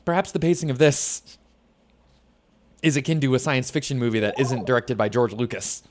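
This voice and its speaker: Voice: medium pitch, fairly even intonation, moderate pace, darkish tone, a little hiss or hum. Wry streamer. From New Jersey. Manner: chatty, wry, sarcastic. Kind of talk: casual gameplay commentary.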